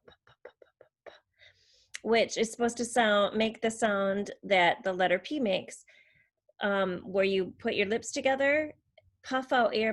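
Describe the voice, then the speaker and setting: Woman speech therapist, mid-pitched, patient, clear teaching voice for a demo video. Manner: clear, patient explaining with modeled speech sounds. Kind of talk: instructional demonstration.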